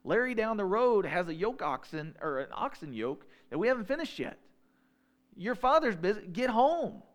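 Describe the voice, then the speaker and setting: A man's voice: high-pitched, big pitch swings, pitched above the performer's own voice. A man preaching, putting on the voice of an exasperated working father who scolds his son to come home. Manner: rapid, scolding, rising into shouting.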